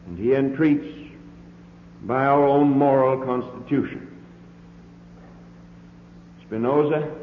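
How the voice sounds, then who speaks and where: A man's voice: fairly high pitch, slight background noise. A man preaching a sermon, earnest and emphatic, with repeated phrases, heard on an old lo-fi recording. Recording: tinny lo-fi old sermon recording, roomy hall echo.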